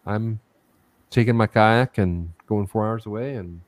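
A man co-hosting a podcast, telling a rambling, excited story in casual chat with some self-mockery. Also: lowish voice, a little slow, no room sound. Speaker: podcast co-host.

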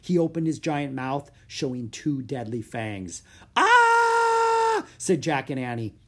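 A man reading a children's adventure book aloud, measured and slowing for suspense. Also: medium pitch, darkish tone. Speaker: audiobook reader. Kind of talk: scripted narration.

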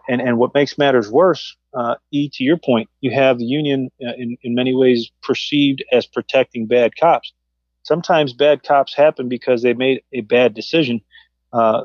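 Man, former police officer, middle-aged, animated storyteller, casual podcast chat, dead dry room, muffled audio. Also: no echo. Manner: animated storytelling, acts out quotes in a high voice.

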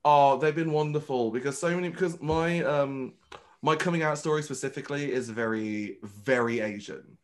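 Campy drag performer, chatty. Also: male voice, mid-range voice, moderate pace. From United Kingdom. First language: Vietnamese. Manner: animated, campy storyteller who acts out quotes. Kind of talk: casual interview chat.

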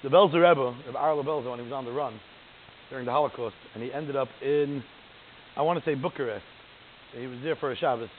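A man giving a lively, digressive lecture as a religious teacher, often checking in with "right?". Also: mid-range voice, quick pace, a little hiss or hum. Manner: animated, digressive, keeps asking "right?". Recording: tinny phone-like line.

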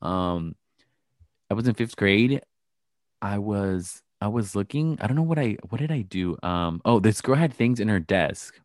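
A man's voice: lowish voice, expressive, a little slow, no echo, studio quality. A young man in casual chat, telling a story in a rambling, profane way. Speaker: podcast co-host.

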